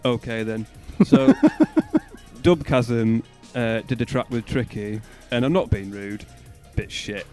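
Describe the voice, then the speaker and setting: A man's voice: mid-range voice, very animated, takes it slowly, mellow. A man co-hosting a casual music show, swearing, laughing and giving blunt opinions. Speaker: podcast co-host. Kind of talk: casual chat about music.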